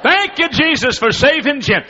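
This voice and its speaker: A preacher voicing an overjoyed, heavy older churchwoman who repeats her praise in a high, ecstatic voice. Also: sing-song, normal speed, pushed and bright, heavily acted. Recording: dull lo-fi recording.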